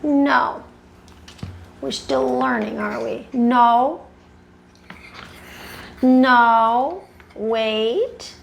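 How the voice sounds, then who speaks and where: Speaking very slowly in a high-ish voice with fairly even intonation and vocal fry, a woman groomer explains her work at an indoor grooming table. She coaxes the dog, corrects it firmly, and makes chatty asides to viewers. The audio is dull, with slight background noise.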